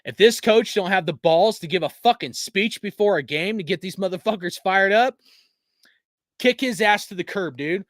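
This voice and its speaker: A man's voice: high-pitched, lively intonation, moderate pace, dry recording, clean studio sound. A man hosting a fan channel, ranting in a casual, heated and profane way, with many restarts. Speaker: sports fan channel host.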